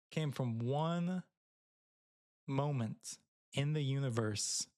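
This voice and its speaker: A man hosting his own comedy podcast, rambling through a crude, self-mocking monologue in a deadpan way. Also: mid-range voice, dry recording, studio quality. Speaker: podcast host.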